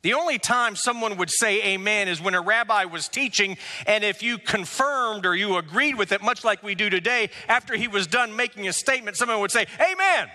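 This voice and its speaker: A man preaching a sermon as pastor, emphatic, with rhetorical questions and drawn-out words. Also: sits high, sharp tone, long reverb tail. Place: church sanctuary.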